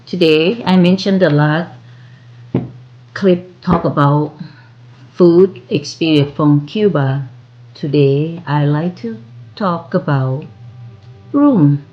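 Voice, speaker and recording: A Thai woman in her fifties talks to her viewers in a low voice, taking her time over each phrase. Her English is broken and strongly Thai-accented, and she chats in an easy, friendly way. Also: slow pace, long pauses, highs cut off. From Thailand. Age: 50s. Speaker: vlogger. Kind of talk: casual chat to camera.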